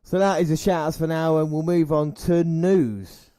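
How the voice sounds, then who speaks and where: A man's voice: fairly high pitch, steady tone, normal speed, mellow, clear, resonant tone, dry recording. Guy cohosting a wrestling podcast, chatty, reads out news, dry close mic. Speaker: podcast co-host. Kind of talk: casual chat and news reading.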